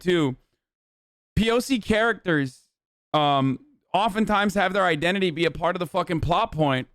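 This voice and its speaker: A man's voice: high-pitched, a bit bright, no room sound, studio quality. A man streaming live on a desk microphone, reacting to a video with blunt, profane, exasperated commentary.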